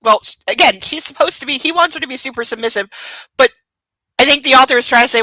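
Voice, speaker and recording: A woman's voice: on the high side, quick pace, bright, forceful tone, no echo, low-quality recording. A woman hosting a book club podcast, giving sarcastic, ranting commentary on a novel.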